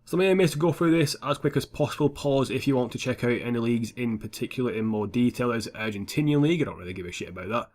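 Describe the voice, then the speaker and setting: A man's voice: medium pitch, fast talker, hardly any pauses, darkish tone. Sweary young man commentating a game. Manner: blunt, sweary and offhand. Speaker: gaming YouTuber. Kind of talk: casual gameplay commentary.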